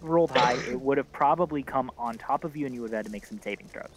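A man narrating as game master in a relaxed way, with many fillers. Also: medium pitch, quick pace, a crowd in the background.

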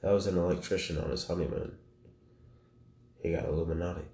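A man co-hosting a podcast in casual banter, joking and deadpan, swearing freely. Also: low voice, brisk, creaky. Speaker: podcast co-host. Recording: echoey room with faint noise.

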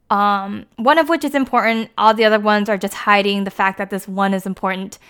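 A young woman with a smooth, clear voice at a middle pitch, recapping a film in a loose, conversational way. She is full of casual fillers and keeps slipping into the characters' quoted lines. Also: a bit bright. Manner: chatty, filler-heavy, acts out quotes.

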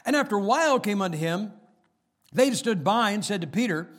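A man's voice: sits high, lively intonation, brisk, fairly bright tone. A middle-aged man preaching a sermon, chatting with the congregation and reading scripture aloud with rising emphasis.

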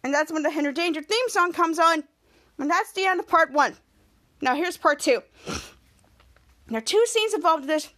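A woman's voice: very high voice, animated, normal speed, pauses often, pushed and bright. A woman podcast host recapping a TV episode scene by scene, casually stringing together "cut to" after "cut to".

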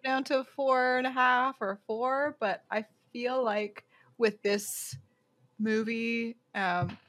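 A woman's voice: on the high side, slow, a bit bright. A woman co-hosting a podcast in casual chat, giggling often and trailing off with fillers. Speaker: podcast co-host.

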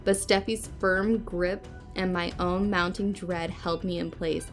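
A woman podcast host reading a spooky story aloud in a hushed, suspenseful way. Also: lowish voice, fairly even intonation, a little slow, faint music behind.

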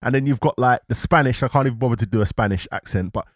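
A man's voice: medium pitch, quick pace, dry recording, studio quality. A man, co-hosting a live-streamed podcast in casual, rambling chat full of slang. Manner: animated, rambling, London slang. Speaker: podcast co-host. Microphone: podcast microphone.

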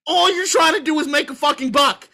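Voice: high-pitched, a little fast, sharp tone. A sports podcast host in casual talk, ranting in a heated, profane way and hammering points home by repeating them. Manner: emphatic repetition.

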